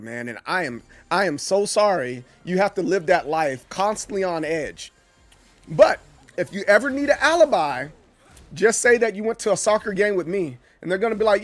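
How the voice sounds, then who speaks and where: A man's voice: high-pitched, normal speed, dry recording. A man, chatting casually with his stream audience. He talks animatedly, stumbling over restarts. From Southern US. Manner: animated, stumbling restarts, acts out quoted voices. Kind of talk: casual live-stream chat with chat.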